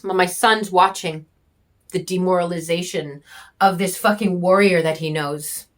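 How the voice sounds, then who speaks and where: Speaking in a lowish, steady voice, a woman who homesteads gives a raw, heated reflection on camera. She sounds bitter and angry, cursing often and halting as she searches for what to say.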